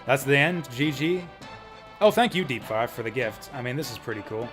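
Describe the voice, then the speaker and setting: A man's voice: medium pitch, moderate pace, over music. A young man streaming a game and chatting casually, laughing and using lots of filler words. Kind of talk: casual gameplay commentary.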